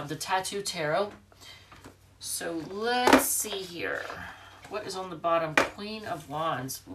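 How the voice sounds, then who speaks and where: A woman's voice: on the low side, fairly bright tone, a little hiss or hum. Congested woman doing a chatty tarot reading. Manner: chatty, loose, lots of fillers and restarts. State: congested, nasally stuffed. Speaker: tarot reader. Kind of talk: casual tarot card reading.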